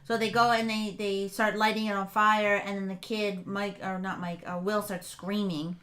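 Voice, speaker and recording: Young female podcast co-host, casual and chatty, mid-pitched, loose recap delivery with fillers. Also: little pitch movement, normal speed, fairly bright tone. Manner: chatty, recapping a show with many fillers and self-corrections. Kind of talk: casual chat.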